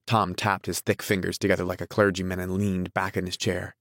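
A man reads a novel aloud in a deep, measured voice. The recording is close and dry, with no room sound. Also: little pitch movement, a bit bright, no echo. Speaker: audiobook narrator. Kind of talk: scripted novel narration.

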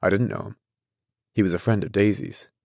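A man's voice: lowish voice, fairly even intonation, brisk, vocal fry, darkish tone, dry recording, clean studio sound. A man voicing a brusque, impatient wealthy husband in a storybook reading, blunt and curt. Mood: dismissive.

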